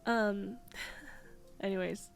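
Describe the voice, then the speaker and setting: A woman streamer chatting candidly and haltingly on a livestream, teary and sniffling, swearing often. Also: medium pitch, steady tone, vocal fry, soft background music. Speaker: VTuber streamer. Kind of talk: casual livestream chat.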